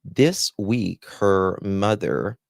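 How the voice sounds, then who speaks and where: A man hosting a live stream, slowly greeting viewers by name with endearments like honey and my dear, heartfelt and gentle. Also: low-pitched, expressive, gravelly, no room sound. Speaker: livestream host.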